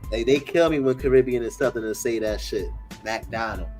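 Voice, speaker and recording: A man's voice: medium pitch, fast talker, a little mellow, soft background music. A man with an East Coast US accent chatting loosely on a panel, rambling with lots of fillers and laughing. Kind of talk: casual panel talk.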